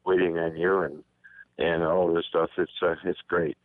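An older man reading a poem aloud at an open-mic call, slow and dramatic, with hesitant asides. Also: sits low, flat delivery, dry recording. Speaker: poetry reader. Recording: dry phone-line audio.

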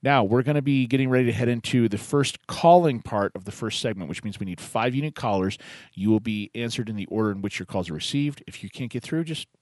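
A man hosting a poetry call-in show, chatting loosely with restarts and reading a listener's poem slowly and softly. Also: mid-range voice, dry recording. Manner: slow, soft reading of a poem.

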